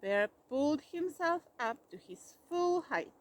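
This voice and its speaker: A woman reading a children's storybook aloud in an expressive, dramatic way. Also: sits high, measured pace. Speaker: reader.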